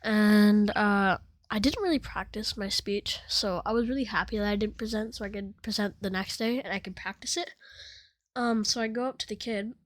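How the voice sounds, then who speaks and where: A woman's voice: mid-range voice, moderate pace, dry recording. A teenage girl telling a school story time in casual chat, rambling with many fillers and giggles. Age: teens. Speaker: storytime vlogger.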